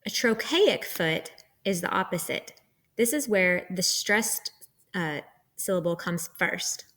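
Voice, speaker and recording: A woman's voice: lowish voice, lively intonation, slow, a bit bright. Patient woman teaching a lesson. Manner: patient, explains step by step. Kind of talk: recorded lecture.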